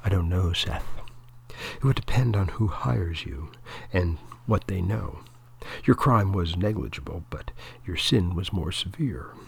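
Reader gives a quiet, formal older tournament director, low and gravelly. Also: male voice, expressive, unhurried, heavily acted. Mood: measured. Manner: hushed, formal. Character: older male tournament director, measured and stern.

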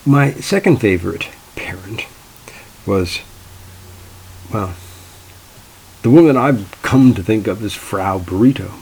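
Gravelly man with wry anecdotes. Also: fairly low pitch, animated, moderate pace, darkish tone, poor audio. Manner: wry, dry and exasperated. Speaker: tournament organizer. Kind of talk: anecdotal storytelling.

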